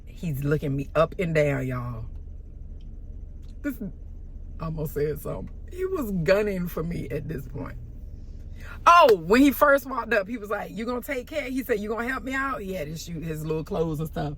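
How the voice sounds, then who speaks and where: A woman telling a story in a casual vlog, sassy and animated, with sudden loud exclamations and soft asides. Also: lowish voice, moderate pace, long pauses, slight background noise.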